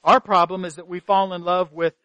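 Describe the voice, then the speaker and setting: High-voiced earnest man preaching. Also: flat delivery, fairly quick, pushed and bright, dry recording. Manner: earnest preaching, rhetorical questions, repeats phrases for emphasis. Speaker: pastor. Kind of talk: sermon. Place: church sanctuary.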